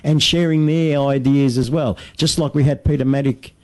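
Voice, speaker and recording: Middle-aged radio host, mellow voice. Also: male voice, mid-range voice, steady tone, normal speed. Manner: chatty, encouraging interviewer. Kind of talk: casual radio chat.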